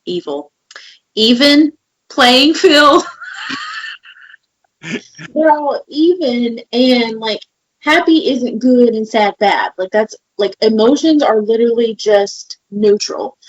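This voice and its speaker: A woman's voice: on the high side, expressive, takes it slowly, darkish tone, breathy edge, poor audio. A woman co-hosting a podcast in casual chat, telling candid, emotional stories. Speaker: podcast co-host.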